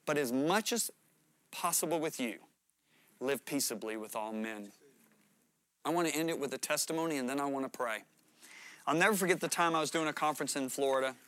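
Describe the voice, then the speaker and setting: A man's voice: mid-range voice, fairly quick, pauses often, fairly bright tone, no echo. A man preaching a sermon, telling a story earnestly and emphatically, sometimes repeating words as he builds to a point. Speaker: guest preacher.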